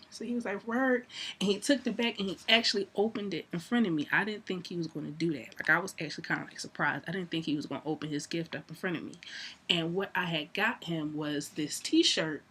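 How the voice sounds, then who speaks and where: A young woman telling a story to camera in a casual, animated way, acting out both sides of a conversation and laughing often. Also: medium pitch, slight background noise. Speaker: vlogger.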